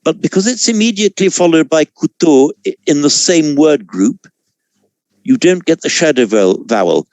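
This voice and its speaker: A man teaching a Sanskrit class over a video call, explaining pronunciation in a measured way with frequent self-corrections. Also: fairly high pitch, expressive, darkish tone, dry recording. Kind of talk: online class lecture.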